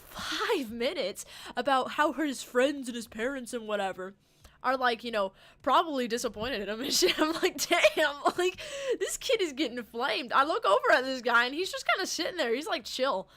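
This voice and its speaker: Bright-voiced woman rambling casually. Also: high voice, animated, normal speed. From United States. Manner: rambling, slangy, laughs through the story. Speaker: streamer. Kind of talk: casual storytime chat while gaming.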